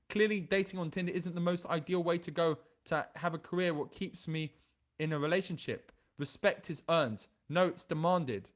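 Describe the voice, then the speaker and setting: A young man who works as a dating coach reads dating app messages aloud, laughing and restarting often in a casual, rambling way. His voice is a little high and somewhat bright.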